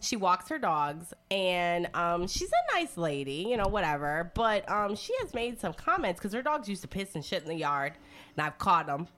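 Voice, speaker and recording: A middle-aged woman hosting a podcast, telling a story in a profane, animated way and acting out what people said. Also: fairly low pitch, moderate pace, a little hiss or hum. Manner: animated storytelling, profane, acts out quotes loudly. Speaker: podcast host. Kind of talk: casual podcast chat.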